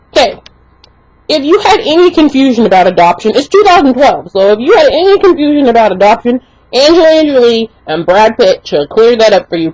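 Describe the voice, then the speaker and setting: A young woman vlogger telling an exasperated, animated story in casual chat, full of "like" fillers. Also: medium pitch, no echo, rough recording. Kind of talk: casual ranting story to camera.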